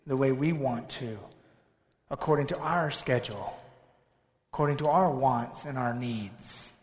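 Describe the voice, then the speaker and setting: A man preaching a sermon, telling stories in an animated way and acting out both sides of the dialogue. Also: a little high. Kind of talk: sermon storytelling. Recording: echoey hall with long reverb.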